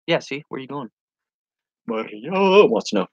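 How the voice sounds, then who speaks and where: A man hosting a casual live stream, rambling and joking as he reads viewer comments, with sudden playful jumps into a high voice. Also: big pitch swings, measured pace, no echo, dull audio. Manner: silly, playful with sudden high-pitched bursts.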